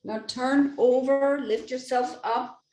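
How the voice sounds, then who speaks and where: A yoga teacher, a woman with a fairly high voice, leads her class in slow, patient cues, often checking in with a soft "right?". Her voice carries through a roomy studio from some distance away from the mic. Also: fairly even intonation. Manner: gentle step-by-step cueing with frequent "right?".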